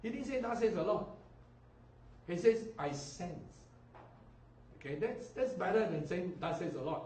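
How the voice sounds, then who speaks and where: A male pastor preaches with animated swings between loud, mocking imitations and quiet asides. His voice sits a bit high and is caught from a distance. The sound carries a roomy echo with faint ambient noise behind it. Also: measured pace. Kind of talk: sermon. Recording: echoey hall, distant mic.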